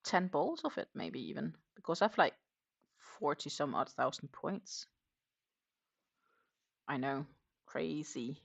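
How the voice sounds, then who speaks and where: A woman hosting a crochet livestream, chatting in a relaxed, rambling way while she works. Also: low voice, slow pace, gravelly, pauses often, husky, lo-fi sound. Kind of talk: casual livestream chat.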